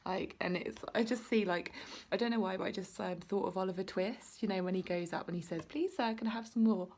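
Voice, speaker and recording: Speaking fairly fast in a lowish, steady, slightly mellow voice, a woman gives her audience an intuitive card reading. Her talk wanders, packed with "like" and "you know," as she cheers the viewer on directly in this relaxed vlog.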